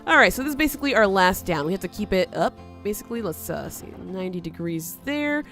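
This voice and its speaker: Lively woman chatting through gameplay. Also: mid-range voice, fast talker, faint music behind. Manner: chatty, talks back to the game, laughs often. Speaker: let's play host. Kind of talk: gameplay commentary.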